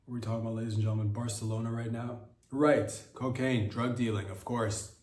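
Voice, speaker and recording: A man's voice: mid-range voice, level tone, fast, darkish tone, echoey room, distant mic. A man hosting a comedy podcast, riffing in an absurd, rambling monologue and often correcting himself mid-sentence. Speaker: podcast host.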